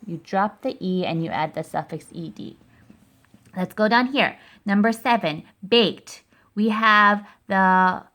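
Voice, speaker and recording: A woman's voice: fairly low pitch, vocal fry, a bit bright. A woman teaching a recorded phonics lesson to first graders, explaining spelling rules step by step in a patient way.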